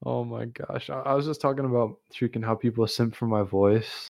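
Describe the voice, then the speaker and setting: A man's voice: medium pitch, fairly even intonation, fairly quick, creaky, a little mellow. A young man hosting a casual chat, rambling with lots of fillers and restarts. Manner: rambling, full of fillers and self-corrections. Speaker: host.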